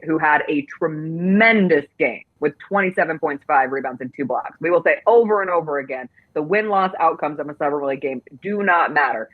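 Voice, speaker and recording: A woman's voice: low-pitched, phone-quality sound. A woman hosting a sports talk show, chatting casually with playful, dramatic outrage.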